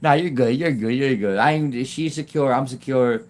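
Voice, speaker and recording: This is a man talking off the cuff to viewers of his livestream on his phone. His speech rambles and halts, with many phrases left unfinished, and he laughs often. His voice sits at an ordinary pitch for a man. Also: normal speed, darkish tone. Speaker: YouTube livestreamer. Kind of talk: casual livestream chat.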